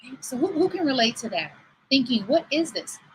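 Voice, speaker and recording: With a high-pitched voice, big pitch swings and a slightly fast pace, a woman over forty hosts a livestream. She tells stories chattily, acting out what people said. The recording is rough, with a little hiss or hum from the computer mic.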